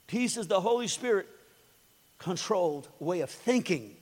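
Preaching in a relaxed, conversational way, this pastor drives home his main points by saying them again. His high, light voice has lively intonation and a normal speed, and a long reverb from the hall trails behind it.

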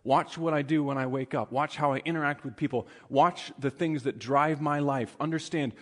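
Man doing a blunt young grad student, clipped, impatient, higher pitch, long hall reverb. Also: steady tone, normal speed, fairly bright tone. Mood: earnest.

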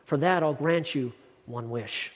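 A man's voice: medium pitch, unhurried, close to an everyday voice. A man voicing a male genie from a bottle, hesitant and fumbling his excuses, in a sermon joke. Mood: apologetic. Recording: long hall reverb.

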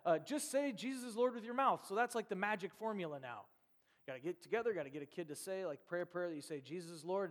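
A man from Nebraska preaching a sermon in a conversational, animated way, acting out quoted voices. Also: high-pitched. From Nebraska, USA. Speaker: pastor. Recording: long hall reverb.

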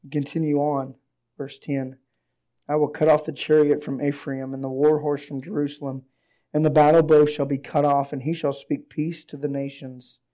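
A male pastor preaching a sermon and reading scripture aloud, his voice hoarse from a recent illness, rising to excited emphasis at points. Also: medium pitch.

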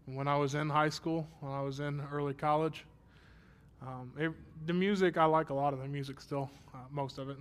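A man's voice: a little high, steady tone, normal speed, clean tone. A man in his thirties preaching a sermon, self-deprecating and conversational, then rising to emphatic praise. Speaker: pastor. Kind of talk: sermon with personal story.

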